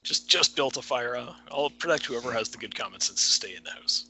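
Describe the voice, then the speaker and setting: A man's voice: mid-range voice, lively intonation, fairly quick, pushed and bright, husky, rough recording. A man co-hosting a casual movie commentary podcast, making dry, sarcastic remarks. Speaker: podcast co-host.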